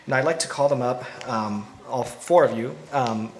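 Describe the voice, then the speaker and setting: A man's voice: medium pitch, moderate pace, a little hiss or hum. A man speaking at a ceremony for a housing developer, hesitant with many ums. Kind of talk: ceremony speech, emcee. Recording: echoey outdoor event with faint crowd.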